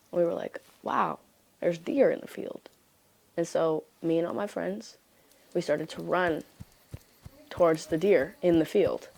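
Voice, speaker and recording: Slangy young woman telling a story. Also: fairly low pitch. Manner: animated, slangy, lots of "like" fillers, swears. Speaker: interviewee. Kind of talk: casual storytelling.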